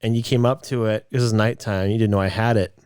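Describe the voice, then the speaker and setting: A man in his late twenties chats casually on a podcast, circling back and restarting as he tells a story. His voice sits low, and the recording is dry with no room sound. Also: quick pace, clear, resonant tone, dry recording. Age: late 20s. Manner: rambling storyteller, restarts, animated in quotes. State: a bit out of breath. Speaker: podcast co-host. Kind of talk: casual chat.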